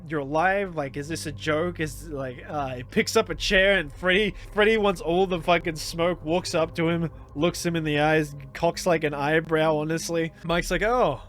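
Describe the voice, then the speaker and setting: A man's voice: fairly high pitch, fairly even intonation, normal speed, hardly any pauses, a bit bright. A man casually recapping a movie plot in a rambling way, full of fillers and with frequent laughs. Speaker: YouTuber reviewing a movie.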